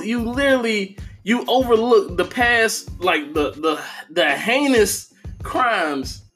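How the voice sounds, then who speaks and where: A man's voice: high-pitched, a bit bright. Profane, heated man ranting about games. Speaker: gaming commentator. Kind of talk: casual rant to camera.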